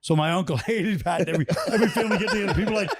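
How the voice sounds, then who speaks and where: Fast-talking man telling rambling stories. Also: high-pitched, husky, dry recording, clean studio sound. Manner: rambling storyteller, acts out quotes. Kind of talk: casual chat.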